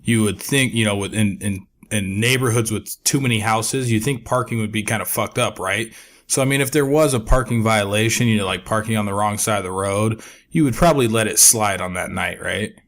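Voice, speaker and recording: A young man with a fairly low voice tells a story on a casual podcast. He swears freely and tells it in an animated way. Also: brisk. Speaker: podcast co-host.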